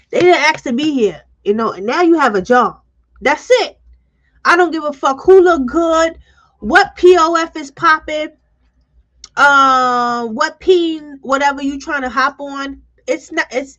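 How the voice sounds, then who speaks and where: A woman's voice: sits high, fairly bright tone. A woman hosting a live stream, talking bluntly and emotionally and reading viewer comments aloud. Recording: dull lo-fi stream audio.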